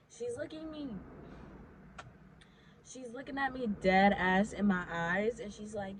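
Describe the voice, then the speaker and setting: A woman's voice: medium pitch, slow pace, noisy background. Chatty young woman telling a story. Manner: chatty, heavy use of "like", swears freely. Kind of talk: casual storytime chat.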